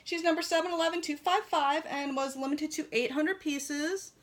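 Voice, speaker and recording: A woman with a slightly high voice reviews a collectible from her home kitchen. She talks in a casual, chatty way and gushes about what she holds. Her speech is full of fillers. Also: steady tone, normal speed. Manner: chatty, gushing, many fillers. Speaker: toy shop owner reviewing a model horse.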